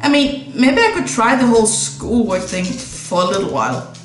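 Casting: lazy, dismissive college football jock read by a woman, lively pitch, echoey room. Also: normal speed, faint music behind. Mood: grudging. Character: laid-back male college football jock.

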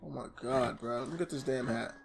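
A young man giving excitable, slangy let's-play commentary while gaming. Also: medium pitch, moderate pace, gravelly, slight background noise. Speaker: gamer.

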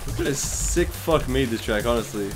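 A young man giving casual, excitable gameplay commentary, swearing and laughing often as he plays. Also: mid-range voice, normal speed. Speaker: gaming streamer. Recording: loud game music behind the voice. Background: game music.

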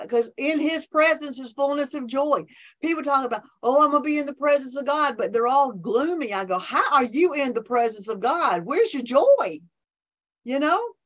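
Speaking from her office on a remote call, this minister and podcast guest discusses faith with eager, sermon-like energy, repeatedly restarting what she's saying. Her high-pitched voice has a slightly bright quality.

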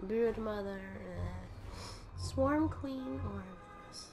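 A woman with a hoarse voice from a cold, rambling and self-deprecating while she plays and comments on a fighting game. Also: medium pitch, drawn-out words, music in the background. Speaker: gaming YouTuber. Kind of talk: casual commentary while playing.

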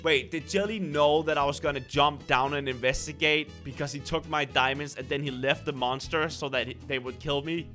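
High, bright, excitable gamer guy. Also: moderate pace, hardly any pauses, faint music behind. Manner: excitable, dramatic, shrieks at scares. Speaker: gaming video host. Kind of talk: gameplay commentary.

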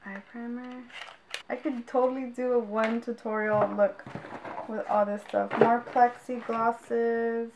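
A young woman with a slightly high voice gushes and exclaims as she unboxes makeup for her viewers. She talks in an unhurried, drawn-out way, and steady background noise runs under her voice. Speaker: beauty vlogger. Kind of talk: casual unboxing vlog.

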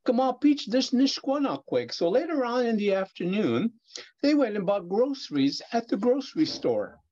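A man teaches a language class over a video call, encouraging his students and laughing easily. His voice sits high with big pitch swings, normal speed and a darkish tone, and the call audio is muffled.

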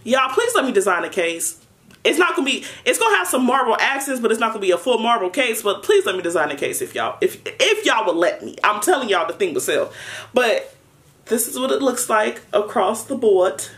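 A woman's voice: a little high, a little fast. Young woman vlogging an unboxing, chatty and hyped, talks right to her viewers. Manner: chatty and excitable, playful slang. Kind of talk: casual unboxing vlog.

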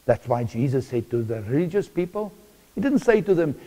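A man preaching a sermon, emphatic and halting, with long pauses between phrases. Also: on the high side, very animated, mellow. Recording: long hall reverb.

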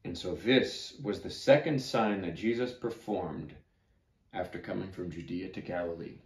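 A man's voice: low-pitched, moderate pace, a little mellow, slight background noise. A man teaching a children's Bible class, telling a story and asking his listeners questions. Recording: echoey room.

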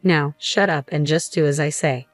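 A woman's voice: low voice, fairly even intonation, normal speed, no echo, soft background music, close to an everyday voice. Woman voicing a sneering, controlling husband. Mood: domineering. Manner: barking, sneering. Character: controlling, condescending adult husband.

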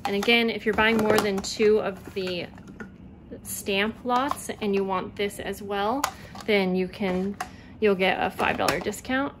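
A woman in a casual vlog, talking quickly and loosely through her craft supplies, with lots of fillers. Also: medium pitch, steady tone. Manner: chatty, quick, rambling with fillers. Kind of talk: casual show-and-tell vlog. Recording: loud background noise.

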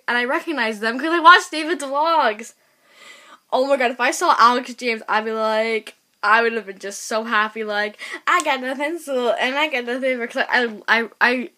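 A woman telling a storytime vlog to camera, excitable and rambling, with many restarts and repeats. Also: a little high. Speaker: vlogger.

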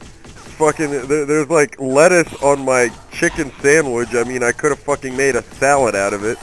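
A man's voice: mid-range voice, a little hiss or hum, low-quality recording. A young man hosting a let's play, giving angry, profane, rambling commentary while he plays. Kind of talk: profane gaming commentary rant.

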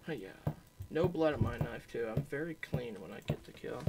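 A man's voice: mid-range voice, lively intonation, normal speed, heavy background noise. A young man giving profane, joking commentary while playing a game for his channel. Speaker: gaming YouTuber. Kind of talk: let's play commentary.

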